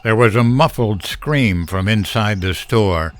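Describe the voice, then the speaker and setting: A man narrating a horror story in a slow, measured storytelling style. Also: lowish voice, noisy background.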